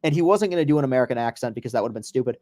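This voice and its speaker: A man's voice: medium pitch, animated, racing, a little mellow. A man hosting a casual podcast, chatting loosely over a live baseball game with profane, rambling asides. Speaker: podcast host.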